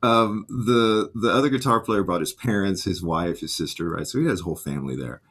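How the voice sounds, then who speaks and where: A middle-aged man, a guitarist and music teacher, telling lively anecdotes in a casual interview and acting out the voices of the people he quotes. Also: deep voice, fairly quick.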